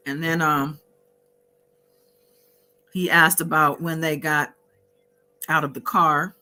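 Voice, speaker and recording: A woman hosting a casual recap, reading out exchanges from her notes with frequent fillers and pauses. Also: deep voice, sharp tone. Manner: reads out courtroom exchanges from notes, pausing with fillers. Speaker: host recapping a court trial.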